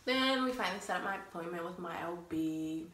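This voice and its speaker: A woman's voice: fairly low pitch, animated, fairly quick, noisy background. A young woman telling a personal story in a casual, blunt way, cussing freely and laughing at herself. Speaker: vlogger. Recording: roomy echo.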